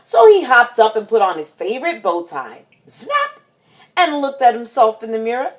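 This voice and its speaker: A woman reading a children's picture book aloud, expressive and dramatic. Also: fairly high pitch, fairly quick. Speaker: storytime host.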